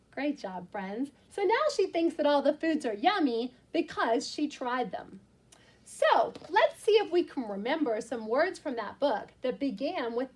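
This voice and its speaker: Woman teacher, story-time reader for young children; slow, animated, bright and high-pitched. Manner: expressive and animated, explaining words slowly and simply. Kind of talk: reading a picture book aloud to young children.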